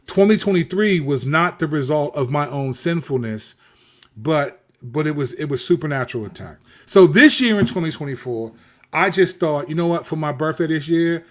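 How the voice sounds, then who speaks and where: A middle-aged man with a voice pitched a little above the usual, telling a long personal story as host of his own show. He speaks with animated street slang and a preacher's rhythm, often doubling back on his words. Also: normal speed.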